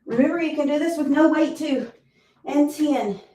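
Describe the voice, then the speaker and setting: A woman's voice: sits high, moderate pace, dark tone. A woman leading a live workout class, counting reps aloud and encouraging the listener while out of breath. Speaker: fitness instructor. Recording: roomy sound, mic at a distance.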